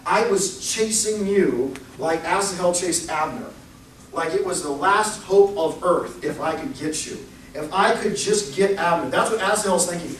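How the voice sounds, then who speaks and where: A young adult man preaching a sermon, telling Bible stories in a lively way and acting out the people he quotes. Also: high-pitched, a little hiss or hum. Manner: animated storytelling, acts out quoted voices. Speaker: pastor. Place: church sanctuary. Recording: echoey church recorded from far off.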